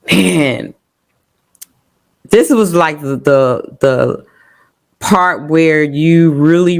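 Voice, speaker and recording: A middle-aged woman sharing an emotional personal testimony on a talk show, full of fillers and trying not to cry. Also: rumbling low. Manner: emotional, holding back tears, many fillers. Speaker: podcast guest sharing testimony.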